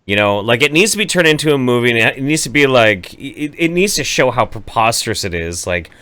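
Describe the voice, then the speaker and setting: A man's voice: mid-range voice, big pitch swings, brisk, pushed and bright, clear, resonant tone, no echo. A man co-hosting a podcast in casual chat, talking in a profane, chatty way and laughing easily. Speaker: podcast co-host.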